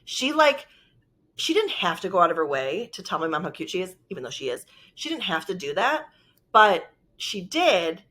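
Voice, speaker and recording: A woman's voice: fairly low pitch, big pitch swings, moderate pace, sharp tone. A woman vlogger telling a personal story in a rambling, emotional way with lots of filler words. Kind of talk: casual storytelling.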